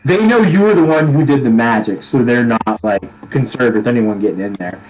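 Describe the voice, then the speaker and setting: A young man runs a tabletop game as dungeon master, with a voice of middle pitch. He laughs often and stops and restarts his sentences as he narrates the scene. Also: lively intonation, fairly quick, darkish tone, poor audio.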